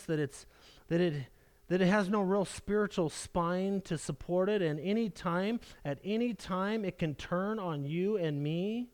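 A man's voice: high-pitched, darkish tone. A man preaching a sermon, reading scripture aloud with earnest, pleading emphasis. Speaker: pastor.

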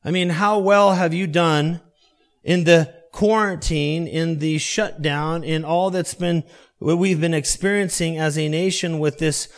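A man preaching a sermon as a pastor, earnest and emphatic, slowing down on key phrases and repeating points for weight. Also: on the high side, fairly even intonation.

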